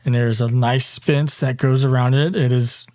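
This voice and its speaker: A man's voice: mid-range voice, moderate pace. A man runs a tabletop game as dungeon master. His narration wanders along loosely, full of ums and restarts. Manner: relaxed, meandering narration with many ums.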